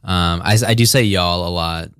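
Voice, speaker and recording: A man's voice: sits low, smooth, no room sound, studio quality. A young man from the American South with a slight Southern drawl, chatting easily as an interview guest and laughing now and then. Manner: relaxed, laughs easily, drawn-out words. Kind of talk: casual interview chat.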